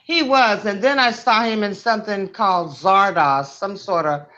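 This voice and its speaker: A woman co-hosting a casual chat, telling stories in an animated way and laughing often. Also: mid-range voice, moderate pace, lo-fi sound. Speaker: co-host.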